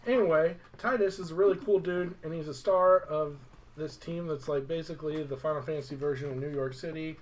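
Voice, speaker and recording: A young man talks through a game's story in a loose, rambling way, leaning on "like" and quick asides. His voice sits a bit high for a man. It sounds like an easygoing let's-play recap. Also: fairly even intonation. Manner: rambling, filler-heavy storytelling with "like". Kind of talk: casual game recap.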